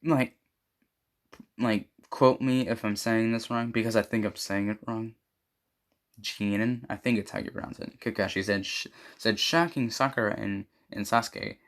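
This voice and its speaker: Young man, low voice, casual fan fiction reading, sarcastic asides, stumbling restarts. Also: steady tone, moderate pace, a bit bright. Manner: stumbling, self-correcting, mocking asides.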